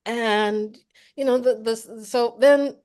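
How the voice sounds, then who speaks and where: A woman's voice: a little high, slow pace. A woman from New York, a soprano and author, telling a story as an interview guest and acting out the quotes. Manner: animated, acts out quotes and laughs often.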